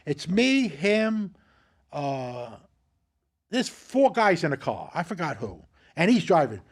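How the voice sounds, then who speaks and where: An older man hosting a casual chat, telling animated, profane stories and acting out what others said. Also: on the high side, takes it slowly. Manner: animated, profane, acts out quotes. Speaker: host.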